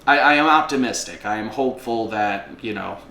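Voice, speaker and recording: A man's voice: on the low side, fairly quick, bright, forceful tone, slight background noise. A man chatting casually as a guest musician, laid-back and rambling, with self-deprecating asides. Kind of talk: casual chat. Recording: roomy with faint ambience.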